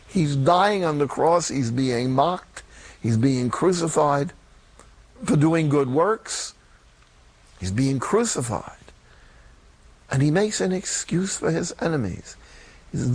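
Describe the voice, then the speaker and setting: An older man, a Catholic priest, talking in a blunt, folksy, emphatic way with sudden loud peaks. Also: on the high side, lively intonation, a little slow. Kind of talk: sermon-style talk.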